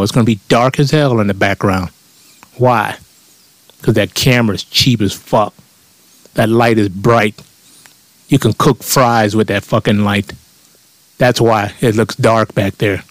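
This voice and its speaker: A man's voice: mid-range voice, no echo. A man delivering a blunt, profane comedic rant and mocking his critics.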